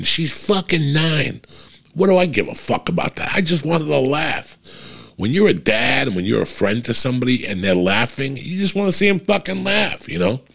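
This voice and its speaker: A middle-aged man with a gravelly voice tells a long, casual, profane story about his kid. When he gets worked up, he grows louder and his pitch climbs.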